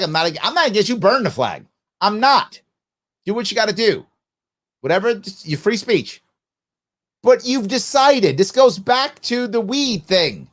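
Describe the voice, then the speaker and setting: A middle-aged man hosting a live political commentary show, arguing his point with lots of rhetorical questions. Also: high-pitched. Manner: animated, argumentative, peppered with rhetorical questions; acts out quoted voices mid-rant. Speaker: host.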